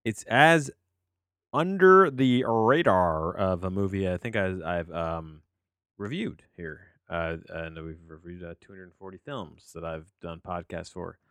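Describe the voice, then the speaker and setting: A tired, low-energy man hosting a solo movie podcast from his home office, rambling and questioning himself as he talks. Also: animated, normal speed, creaky, a bit bright, no echo, clean studio sound. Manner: rambling, meandering, self-questioning. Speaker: podcast host and movie reviewer. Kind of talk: casual solo podcast monologue.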